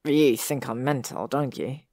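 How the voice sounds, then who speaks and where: A woman's voice: rumbling low, steady tone, measured pace, darkish tone, no echo, clean studio sound, exaggerated voice. A woman doing a frustrated young man. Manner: insistent, raises his voice. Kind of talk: audiobook reading of fan fiction.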